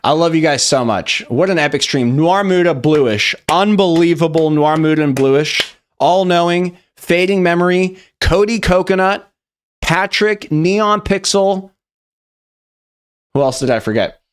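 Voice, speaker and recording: A man's voice: fairly high pitch, lively intonation, moderate pace, clear, resonant tone. A young man hosting a live stream, reacting loosely and profanely to memes, rambling and chatty. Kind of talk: casual live-stream meme review.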